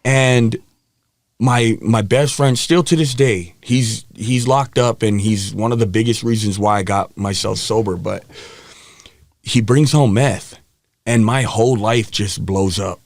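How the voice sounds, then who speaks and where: A man's voice: on the low side, unhurried, dry recording, studio quality. A man, a podcast guest, telling his personal story in a frank, rambling way with frequent restarts.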